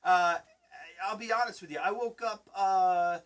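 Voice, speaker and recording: Rambling storytelling man, slightly high voice. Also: fairly even intonation, a little slow. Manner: rambling storyteller, acts out quotes loudly. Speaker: podcast host and Twitch streamer. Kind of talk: casual chat.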